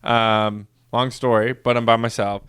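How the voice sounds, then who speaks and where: A man's voice: medium pitch, level tone, measured pace, fairly bright tone, smooth, no room sound, studio quality. An American man on a podcast, telling a rambling story in casual chat, acting out quoted voices and laughing often. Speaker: podcast co-host.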